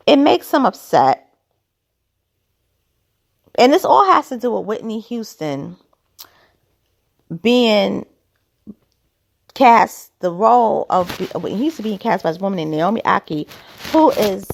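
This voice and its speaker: A woman delivers casual commentary in a heavily gravelly, fry-laden voice whose pitch rises and falls with plenty of life. She sounds skeptical and opinionated, firing off rhetorical questions, and her throat is a little dry. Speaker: commentary vlogger.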